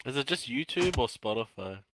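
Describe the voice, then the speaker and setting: Bright-voiced, animated joking man. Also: mid-range voice, brisk, slight background noise. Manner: joking, teasing. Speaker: stream co-host. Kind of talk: live stream banter.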